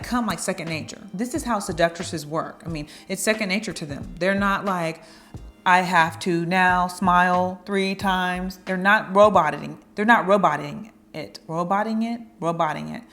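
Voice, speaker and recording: A woman vlogger giving dating advice in a chatty, playful way, now and then acting out little flirty lines. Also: medium pitch. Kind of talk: casual advice talk to camera.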